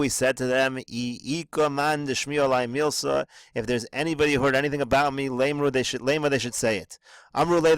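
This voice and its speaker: A man's voice: mid-range voice, a bit bright, no room sound, poor audio. A man teaching a text as a screencast lesson, reading each phrase in the original and then explaining it in English. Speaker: Talmud teacher. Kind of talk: reading and translating a text line by line.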